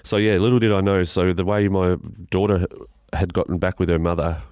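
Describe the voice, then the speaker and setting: Australian man, low register, emotional podcast guest, halting delivery, frequent swearing, dry mic. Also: flat delivery, a little mellow, dry recording. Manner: halting, emotional, swears often, many restarts. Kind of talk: emotional personal storytelling interview.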